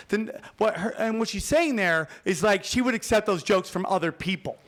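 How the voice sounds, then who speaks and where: A man, a comedian guest, telling stories on a podcast in an animated, profane rant. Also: high voice, moderate pace, hardly any pauses. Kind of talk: storytelling in a podcast chat. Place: podcast studio.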